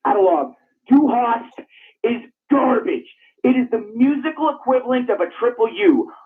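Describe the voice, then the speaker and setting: A man's voice: extremely high pitch, animated, moderate pace. A man calling into a radio show with brash mock-announcer comedy bits. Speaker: caller. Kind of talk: comic call-in bit. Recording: tinny phone line.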